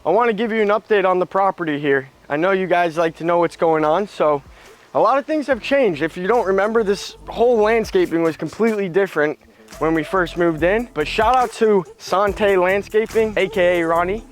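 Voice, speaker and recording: A young man filming a casual vlog in his backyard, excitable and slangy, talking straight to his viewers. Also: high voice, a little fast. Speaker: vlogger. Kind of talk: casual outdoor vlog narration. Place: backyard outdoors.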